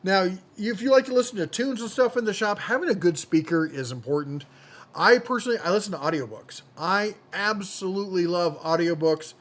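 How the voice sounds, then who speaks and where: A man's voice: high voice, brisk, fairly bright tone. A man hosting a tool deals channel, running through product deals in a chatty, jokey way and often correcting himself mid-sentence. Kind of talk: casual product deal rundown.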